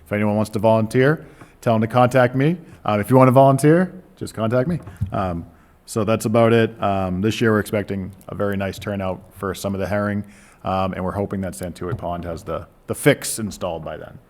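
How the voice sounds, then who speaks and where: A man's voice: on the low side, brisk, darkish tone. A man with a Boston accent giving staff updates at a town meeting, chatty and full of ums. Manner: chatty, filler-heavy. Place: meeting room.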